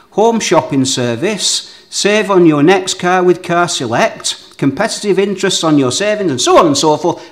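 A man preaching a sermon, leaning on emphatic phrases he repeats and speaking straight to his listeners. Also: fairly high pitch. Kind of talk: sermon with object lessons.

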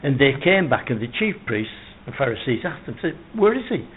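Earnest preacher on a tinny line. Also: male voice, mid-range voice, lively intonation, fairly quick. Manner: earnest, emphatic, quotes scripture at length. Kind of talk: sermon. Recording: tinny phone-like sound with faint noise.

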